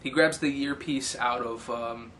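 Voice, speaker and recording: Man with a bright, forward tone for a loose, rambling plot recap, with faint hiss behind him. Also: mid-range voice, steady tone, a little slow. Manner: rambling, many fillers, briefly mimics characters' lines. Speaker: film recapper. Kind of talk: casual movie plot recap.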